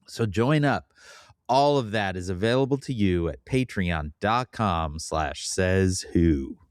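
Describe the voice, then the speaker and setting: Male podcast co-host with a cold, low resonant baritone, playful reads, dry close sound. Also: animated, slow, clean tone, no echo. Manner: playful, jokey delivery. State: has a cold. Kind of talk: casual podcast chat and sponsor read.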